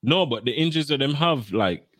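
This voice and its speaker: A man in casual, animated football banter on a podcast, slipping into patois. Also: mid-range voice, fairly quick, no room sound, clean studio sound. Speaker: podcast co-host.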